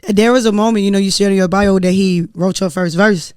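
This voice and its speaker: A man with a high, smooth, clear voice hosts a casual podcast, cheering his guest on with quick reactions. The recording is dry and close. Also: fairly even intonation, no echo. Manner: encouraging, quick back-channel reactions. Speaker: podcast host. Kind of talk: casual interview.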